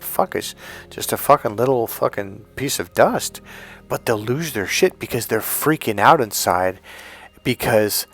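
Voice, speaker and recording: A middle-aged man talking as a dating coach in a blunt, profane, emphatic monologue, telling stories and acting out the people in them. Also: mid-range voice. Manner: blunt, profane, emphatic, tells anecdotes with quoted voices. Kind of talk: casual monologue.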